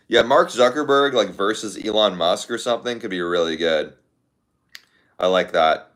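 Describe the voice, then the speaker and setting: A man hosting a casual livestream, reading viewer comments aloud in a fairly low voice. He talks offhandedly, thinking out loud with plenty of fillers and repeated words. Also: normal speed. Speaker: livestream host.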